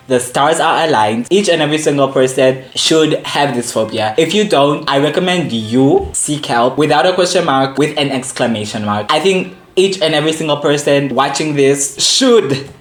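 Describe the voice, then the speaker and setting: A young man chats to his camera in a playful, theatrical way, drawing out words for comic effect. His voice rings in an echoey room. Faint music plays underneath. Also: medium pitch. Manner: playful, dramatic, drawn-out emphasis. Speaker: vlogger. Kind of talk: casual comedic chat to camera.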